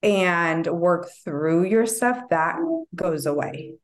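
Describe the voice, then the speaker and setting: A woman's voice: on the low side, slow. Reflective woman psychologist, casual chat. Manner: reflective, thoughtful, many fillers and restarts. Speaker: psychologist guest. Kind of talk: casual podcast conversation.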